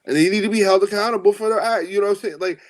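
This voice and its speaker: A man's voice: sits high, steady tone, racing, no room sound. A man co-hosting a podcast in casual chat, emphatic and ranting, repeating "like, bro" and telling people to stop. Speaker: podcast co-host.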